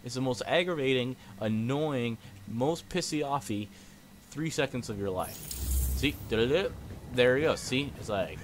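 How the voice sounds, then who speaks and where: A man's voice: mid-range voice, normal speed. Young male let's-player, mid-range voice, irritated and cursing, noisy home recording with game sound behind. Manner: frustrated, swearing, bursts of yelling at the game. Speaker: gameplay commentator. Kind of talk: casual gameplay commentary.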